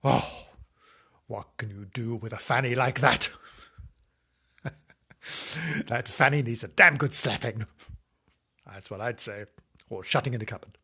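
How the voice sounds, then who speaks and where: Slow, giggly, husky man reading a story. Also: mid-range voice, bright, forceful tone. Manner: giggly, innuendo-laden asides. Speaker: reader and comic host. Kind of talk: comic reading of a children's story.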